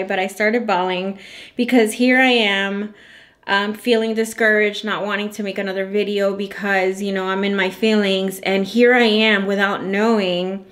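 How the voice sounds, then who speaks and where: A woman hosting her own candle-making channel talks straight to her viewers in a casual, effusive way. Her voice sits at an ordinary middle pitch, and she sounds heartfelt and open with her audience. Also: fairly bright tone. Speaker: candle maker and channel host. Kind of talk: casual vlog talk to viewers.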